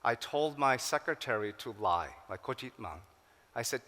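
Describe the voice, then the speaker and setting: A man's voice: medium pitch, lively intonation, brisk, sharp tone. A middle-aged American man telling personal stories at a forum, slipping in Korean phrases and acting out quoted voices. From United States. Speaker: keynote speaker. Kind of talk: forum talk. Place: large hall. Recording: reverberant hall.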